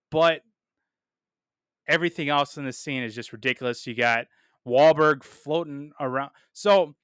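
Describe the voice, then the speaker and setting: A man's voice: mid-range voice, a bit bright, clean tone, no echo, studio quality. A man reviewing a film in a casual podcast monologue, blunt and dismissive, with plenty of "um"s and "uh"s. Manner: blunt and dismissive, many fillers.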